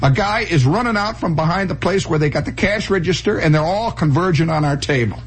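A man telling a long comic story in an animated, breathless way, slipping into the voices of the people in it, from an old archival radio recording. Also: fairly high pitch, a little fast, slight background noise, poor audio.

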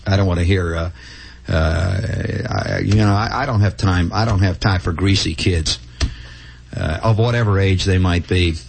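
A man spins a meandering story, talking wryly and casually with plenty of asides and restarts. His voice sits low and carries a husky grain. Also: steady tone, moderate pace. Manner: wry, conversational, full of restarts and asides. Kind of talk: rambling first-person storytelling.

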